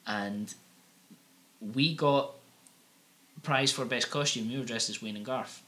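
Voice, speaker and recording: A man's voice: medium pitch, takes it slowly, sharp tone. A young adult man with a Scottish accent, rambling through crude, sweary anecdotes as a podcast co-host. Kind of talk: casual comedic chat.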